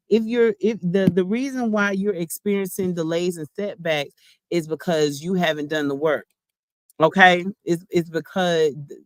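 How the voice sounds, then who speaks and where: A woman's voice: lowish voice, dry recording. A woman giving a casual spiritual card reading, chatty and slangy, talking straight to her viewers. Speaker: spiritual reader.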